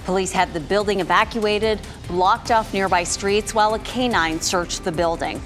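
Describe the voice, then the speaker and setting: A woman anchoring a local midday newscast, reading stories in a crisp, even delivery. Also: medium pitch, normal speed, in a large hall, soft background music. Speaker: news anchor.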